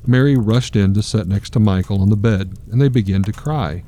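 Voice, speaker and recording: A man narrating a dark story in a measured, grave manner. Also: on the low side, slight background noise.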